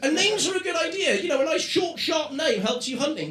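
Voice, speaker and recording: A man performing a stand-up comedy set before a live audience, with animated asides to the crowd. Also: very high voice, a little fast, faint music behind. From Britain. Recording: roomy live venue with crowd laughter.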